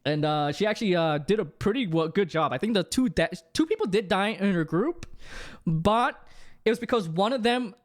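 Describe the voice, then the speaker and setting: A man's voice: high-pitched, lively intonation, moderate pace. A young man, a streamer chatting casually on a live stream, rambling with many restarts and fillers.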